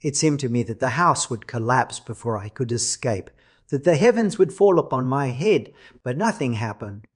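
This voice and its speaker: A man reading a classic novel as an audiobook narrator in a measured, dramatic way. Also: medium pitch, expressive, breathy edge.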